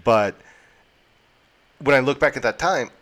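A man's voice: medium pitch, measured pace, a bit bright. A man in his forties co-hosting a casual discussion, thinking aloud and restarting his sentences. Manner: thoughtful, rambling with restarts. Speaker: podcast co-host.

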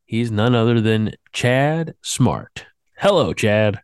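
A man's voice: on the low side, lively intonation, slow pace, clear, resonant tone, no room sound, clean studio sound. A man hosting a podcast in casual chat, a bit congested, rambling and self-deprecating. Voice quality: congested, stuffy sinuses. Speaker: podcast host.

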